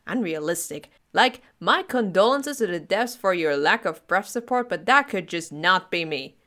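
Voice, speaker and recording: A woman in her twenties, reading comedy posts in a casual, deadpan way and putting on many voices. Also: lowish voice, measured pace. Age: 20s. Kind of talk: comedic dub of text posts.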